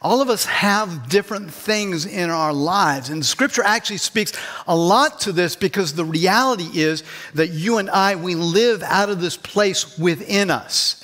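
In church, a pastor with a high, slightly bright voice preaches a sermon. His style is conversational, and he puts questions to the congregation.

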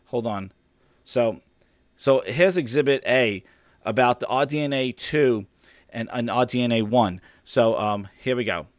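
Speaking at a measured pace in a mid-range voice, a man rants casually on his gaming stream, full of sarcasm, tangents, and frequent swearing. The studio-quality mic captures him cleanly, without any room sound.

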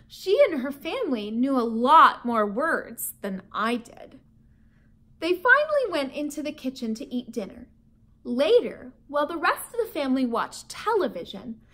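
A woman teacher reading a children's book aloud to a class with expressive, animated storytelling. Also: sits high.

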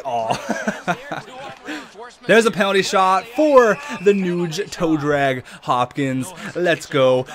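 A young man giving excited, swearing commentary over a hockey video game, trash-talking and bursting into laughter. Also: mid-range voice. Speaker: gaming YouTuber.

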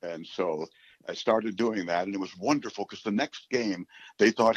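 Husky-voiced older man telling stories. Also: fairly low pitch, normal speed, no room sound. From New York City. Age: 70s. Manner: animated, rambling storyteller who acts out quotes. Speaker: radio play-by-play announcer. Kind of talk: casual storytelling interview. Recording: dull, dry recording.

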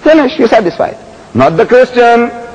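Animated male lecturer in a reverberant hall. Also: very high voice, normal speed, breathy edge, highs cut off. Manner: animated storytelling, emphatic repetition, rhetorical questions. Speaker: Islamic lecturer. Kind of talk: public lecture to an audience.

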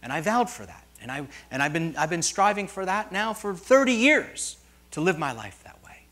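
A middle-aged male pastor preaching to his congregation in a storytelling way. He wanders off on tangents and trades light jokes with the room. His voice climbs high and loud at emotional peaks, then drops to soft, low asides. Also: big pitch swings, normal speed. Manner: storytelling, digressive, swings from quiet to loud. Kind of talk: sermon.

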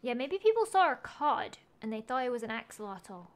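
A woman's voice: a little high, sing-song, brisk. A woman game streamer chatting casually as she plays, thinking aloud, gasping at finds and reading chat messages.

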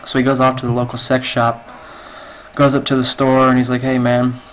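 A man's voice: mid-range voice, completely flat delivery, brisk, a bit bright, a little hiss or hum, low-quality recording. A man telling a long joke casually, rambling and restarting his sentences as a game player.

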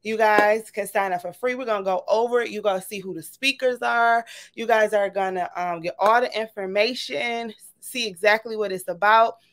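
A woman's voice: medium pitch, normal speed. A woman hosting a casual livestream, bubbly and greeting her viewers one by one. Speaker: livestream host.

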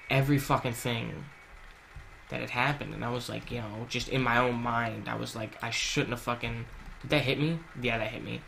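Man, gravelly edge, bright forward tone, casual swearing storyteller, gaming vlog. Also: medium pitch, slight background noise. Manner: casual, heavy swearing, many fillers and restarts; earnest, confessional. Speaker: gaming channel host. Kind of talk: storytime narration while playing a game.

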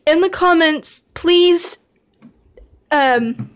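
A woman filming an unboxing vlog, gushing and excitable, talking to her viewers while tired late at night. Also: high voice, takes it slowly. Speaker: vlogger unboxing a model horse.

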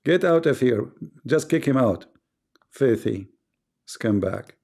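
A man's voice: mid-range voice, animated, slow, vocal fry, darkish tone, slightly rough. A man with an Arabic accent hosting a live debate stream, taunting and sarcastic toward his callers. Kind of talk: mocking live-stream banter.

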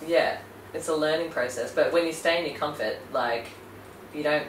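A young speaker in a casual podcast chat, talking in a loose, filler-heavy way full of "like". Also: slight background noise. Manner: fast, filler-heavy, says "like" often. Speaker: podcast co-host. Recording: roomy, distant low-quality backup mic.

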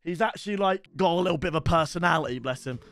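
A young man, hosting a gaming channel in an excitable, bantering, chatty way. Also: on the high side, racing, dry recording. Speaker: video game channel host. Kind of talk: casual gaming commentary.

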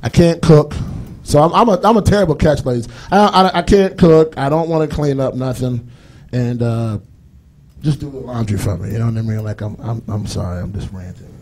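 A man's voice: medium pitch, normal speed, a little mellow, slight background noise. A young man with a Boston accent doing a rambling stand-up comedy set on a live stage, full of fillers and put-on voices. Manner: rambling, lots of fillers, puts on voices for bits.

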